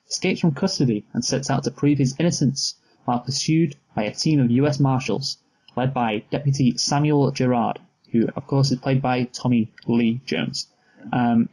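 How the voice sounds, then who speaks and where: A man with a mellow, dark-toned voice of middling pitch keeps a casual film review moving. He teases his co-host, presses for answers, and reads out a plot summary in a brisk, plain way. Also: husky, low-quality recording. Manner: brisk, teasing, steers the talk. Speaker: podcast co-host. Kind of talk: casual movie review chat.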